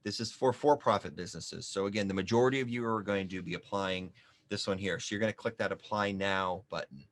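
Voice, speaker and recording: A man with a lowish voice walks viewers through an online form in a screen-share tutorial. He talks in a loose, chatty way, cracks small jokes and thinks aloud as he fills in each field. Keyboard typing and mouse clicks sit behind his voice. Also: a little fast. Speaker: small business advisor demonstrating an application.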